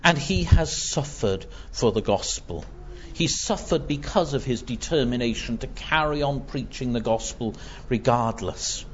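A man's voice: mid-range voice, expressive, unhurried, slight background noise. A man preaching a sermon, earnest and emphatic, pressing his points with rising intensity as he quotes scripture. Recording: dull lo-fi sound.

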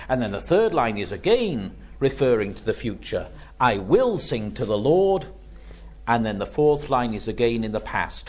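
Lively-voiced preacher man, slow sermon. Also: mid-range voice, slightly rough, muffled recording. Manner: expository, building to fervent emphasis. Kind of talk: sermon on a psalm.

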